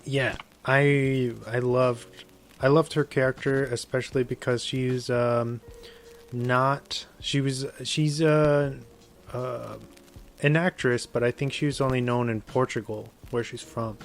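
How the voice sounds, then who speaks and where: A man's voice: mid-range voice, steady tone, takes it slowly, a little hiss or hum. Hesitant man searching for his words. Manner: hesitant, searches for words, fillers like "how do you say". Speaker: podcast co-host. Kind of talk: casual film discussion.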